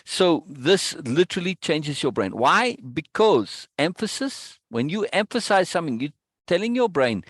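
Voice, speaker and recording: A man leads a coaching session with an emphatic, insistent delivery, constantly checking in with his listener. His voice sits a little high for a man, and the recording is dry, with no room sound. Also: sing-song, normal speed, fairly bright tone, breathy edge, no room sound. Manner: emphatic, checks in with "right?" often.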